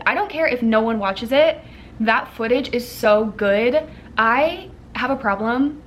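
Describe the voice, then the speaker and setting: A woman's voice: fairly high pitch, a little slow, a little hiss or hum. A woman in her thirties, a content creator, chatting casually to camera in a rambling, filler-heavy way. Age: 30s. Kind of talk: casual chat.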